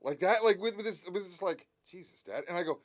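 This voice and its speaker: A man's voice: high voice, fast, no echo. A man talking as a guest musician in a casual interview, rambling and heartfelt, with many restarts and swearing.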